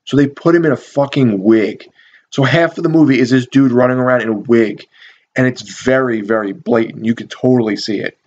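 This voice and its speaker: A man's voice: medium pitch, moderate pace, a little mellow, lo-fi sound. Rambling, profane man reviewing a movie. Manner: rambling, profane, amused, many fillers. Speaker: video reviewer. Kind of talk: casual movie review talk.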